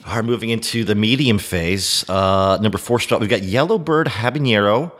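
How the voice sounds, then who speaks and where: A man's voice: fairly low pitch, moderate pace, fairly bright tone, a little hiss or hum. A man hosting a casual podcast chat during a hot sauce tasting, joking and laughing often. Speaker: podcast host.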